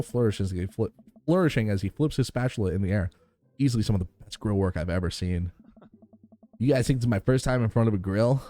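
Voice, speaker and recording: A man's voice: fairly low pitch, mellow. A man streaming a game live, reading its dialogue aloud in a playful, chatty way, sometimes tripping over words and correcting himself.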